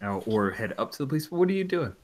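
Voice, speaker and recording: A man narrating as game master of a tabletop role-playing game in a relaxed, meandering way. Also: mid-range voice, quick pace.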